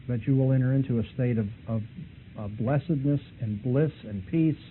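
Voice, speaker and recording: A man voicing a calm male devotee in a lower, quieter voice, heard on a tinny recording with faint hiss. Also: moderate pace, natural voice. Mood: placid. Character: calm adult male devotee, serene then dismissive.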